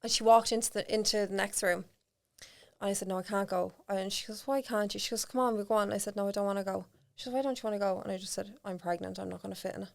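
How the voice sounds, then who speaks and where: A woman's voice: medium pitch, very fast, vocal fry. A woman in her thirties with an Irish accent, a podcast guest telling a personal story candidly and acting out the voices of people in it. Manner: animated, acts out quoted voices, laughs often. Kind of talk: candid storytelling in casual chat.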